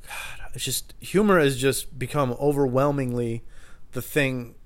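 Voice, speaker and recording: A man's voice: medium pitch, fairly even intonation, measured pace. A man at home doing a rambling solo monologue, swearing a lot and cutting himself off mid-thought. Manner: profane, rambling, cuts himself off. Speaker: podcast host. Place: at home by the kitchen fridge.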